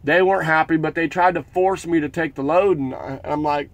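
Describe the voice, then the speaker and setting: A man's voice: a little high, fairly quick, hardly any pauses, dry recording. A man who drives his own truck, casually retelling a run-in at a loading dock and acting out his protests. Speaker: owner-operator truck driver. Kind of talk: casual storytelling vlog.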